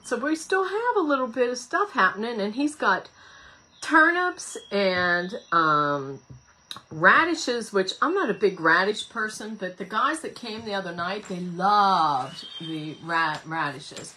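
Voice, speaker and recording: A woman's voice: mid-range voice, sharp tone, slight background noise. A woman, chatting, giggling and rambling as she hosts a home craft livestream and reads viewer comments. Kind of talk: casual chat while crafting.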